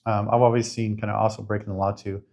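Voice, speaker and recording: A man's voice: lowish voice, level tone, fast, gravelly, a little mellow. A middle-aged man frankly recounting his life in a conversation, reflective and swearing casually. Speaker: guest sharing his life story. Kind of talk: candid conversational storytelling.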